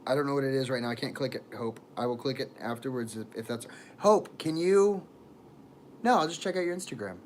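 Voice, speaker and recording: A man's voice: mid-range voice, fairly quick, darkish tone, a little hiss or hum. Rambling man livestreaming from a phone. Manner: rambling, laughs often, trails off. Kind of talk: casual livestream chat. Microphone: phone camera.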